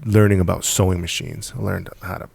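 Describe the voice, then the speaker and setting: Gravelly deep-voiced man telling a story. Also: fairly even intonation, a little fast, darkish tone, no echo. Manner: emphatic, repetitive, punchy storytelling with frequent laughs. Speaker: podcast guest, business founder. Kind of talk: casual storytelling in conversation.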